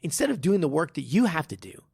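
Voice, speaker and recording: A man who hosts a podcast and teaches martial arts, telling stories in animated casual talk, acting out quotes and swearing. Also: a little high, fast talker, gravelly, breathy edge. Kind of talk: casual chat.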